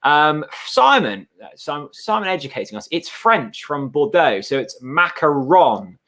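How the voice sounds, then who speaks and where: A man co-hosting a football fan watchalong, relaxed and teasing as he reads comments and shares news. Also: on the high side, moderate pace. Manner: relaxed, teasing, many fillers and restarts. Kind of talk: casual fan chat.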